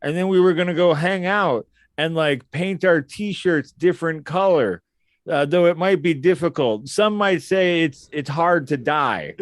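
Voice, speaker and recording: A man's voice: a little high, a little slow, no room sound, studio quality. A man playing a tabletop game, talking in a playful, jokey way as his character. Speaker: player. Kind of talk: casual in-character tabletop play.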